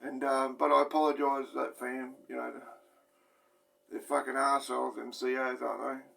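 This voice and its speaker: A man's voice: mid-range voice, level tone, moderate pace, gravelly, sharp tone, distant mic, poor audio. A middle-aged Australian man, a former inmate, telling a story casually to his viewers, blunt and swearing, often restarting his phrases. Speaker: YouTube host, former inmate.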